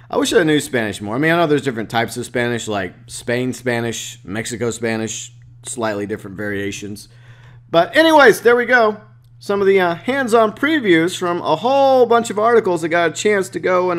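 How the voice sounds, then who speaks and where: A man who runs a gaming channel, reading out game previews and adding excitable, joking asides. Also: mid-range voice. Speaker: gaming YouTuber.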